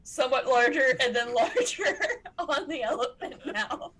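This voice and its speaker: A woman's voice: sits high, animated, moderate pace, fairly bright tone, husky. A woman playing a tabletop game, chatting playfully and giggling often. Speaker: player. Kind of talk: casual tabletop play.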